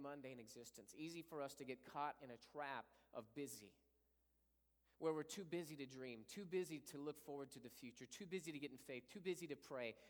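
A man pastoring a church, leading a fervent prayer and preaching a sermon with repeated invocations. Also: a little high. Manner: rising to impassioned preaching. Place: church sanctuary. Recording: long hall reverb.

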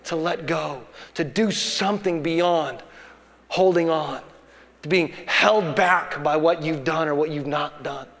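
A man's voice: on the high side, a little slow, fairly bright tone. A pastor in his thirties preaching a sermon, building to emphatic bursts and telling family stories. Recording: long hall reverb.

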